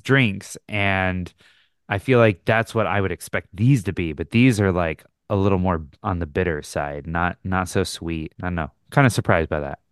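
A man's voice: low voice, moderate pace, smooth, no room sound, clean studio sound. A man co-hosting a podcast in casual chat, thoughtfully summing up his view. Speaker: podcast co-host.

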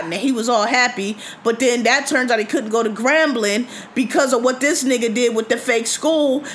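A high-pitched woman hosts a casual podcast. She tells a story in blunt, profane, indignant speech. A faint hum of ambience sits behind her voice. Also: fairly bright tone. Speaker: podcast host.

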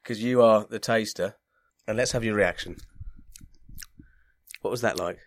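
A man's voice: on the low side, a little slow, slight background noise. A man hosting a casual comedy chat, sweary and sardonic, still unwell and sweaty in a small booth. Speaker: podcast host.

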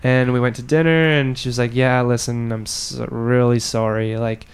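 A man's voice: mid-range voice, flat delivery, moderate pace, clean tone. A man telling a long story in casual podcast chat, swearing freely and raising his voice to act out what others said. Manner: swearing, acts out quotes in a raised voice.

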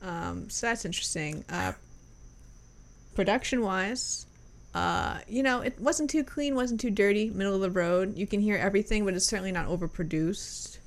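A woman's voice: medium pitch, lively intonation, normal speed. A woman co-hosting a music review, chatting casually, laid-back and hedging, laughing often.

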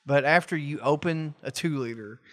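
A man co-hosting a podcast, talking in a rambling, profane, animated way. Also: fairly high pitch, normal speed. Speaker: podcast co-host. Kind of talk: casual chat.

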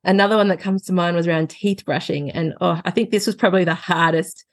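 A woman, a parenting educator and podcast guest, telling lively stories and laughing often. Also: fairly low pitch, fast talker, dry recording, studio quality. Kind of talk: casual podcast conversation.

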